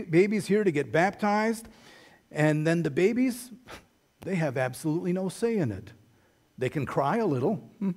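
A middle-aged man gives a sermon in a slightly high voice, telling stories with wry humor. He preaches in an easy, conversational way, as a pastor talking to his congregation. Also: darkish tone.

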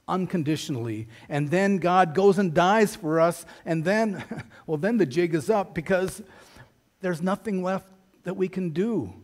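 Middle-aged pastor guy preaching, kinda high voice, chatty and wry, tells stories. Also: darkish tone. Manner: conversational storytelling with wry humor. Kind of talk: sermon.

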